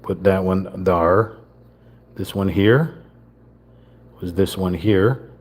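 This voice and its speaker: Low-ish guy talking real slow, muttering thru a puzzle build on stream. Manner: mutters step by step to himself while handling small parts. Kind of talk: live-stream build commentary.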